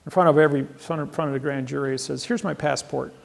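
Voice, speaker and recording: A man with a slightly higher voice and a gravelly edge tells boastful stories at a seminar. He rambles and repeats himself as he goes. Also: steady tone, rapid-fire. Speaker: seminar speaker. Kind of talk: seminar talk, storytelling to an audience. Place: seminar room.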